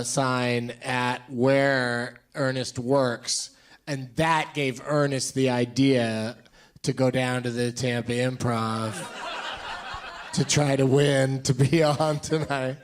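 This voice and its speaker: A man's voice: mid-range voice, clean tone. A man hosting a live comedy podcast on a club stage, teasing his guests and laughing often. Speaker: podcast host. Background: live audience laughter.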